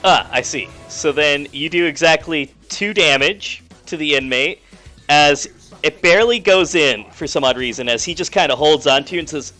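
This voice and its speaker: Bright-voiced young man running a game. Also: a little high, normal speed, faint music behind. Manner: playful, laughing narration. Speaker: game master. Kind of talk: narrating a tabletop game.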